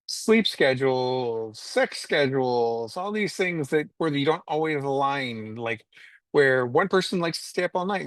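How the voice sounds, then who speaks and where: A man's voice: medium pitch, no room sound. Male panel guest, easygoing and conversational, close dry mic. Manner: relaxed, listing points with ums and a laugh. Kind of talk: casual group chat.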